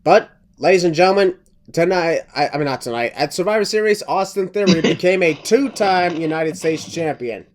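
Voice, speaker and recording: A man hosting a wrestling review podcast, speaking in a measured way with announcer-like phrasing. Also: sits high, animated. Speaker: podcast host. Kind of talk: casual wrestling review chat.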